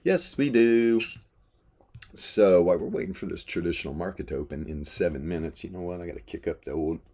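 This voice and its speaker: A man's voice: low-pitched, fairly quick, darkish tone. A man hosting a live trading stream, chatting casually about charts, swearing and laughing as he tells stories. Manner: laid-back, swears, laughs while telling stories.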